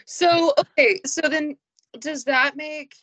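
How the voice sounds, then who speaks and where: A woman guest on a casual movie podcast, chiming in with quick questions. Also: high voice, steady tone, a bit bright, no echo, rough recording.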